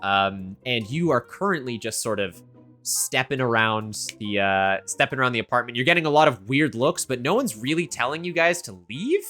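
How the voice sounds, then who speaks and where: A woman narrates a tabletop game as game master, easygoing and sprinkling in fillers. Her voice sits low but moves with lively pitch, over faint background music. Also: normal speed. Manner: relaxed, hesitant with fillers.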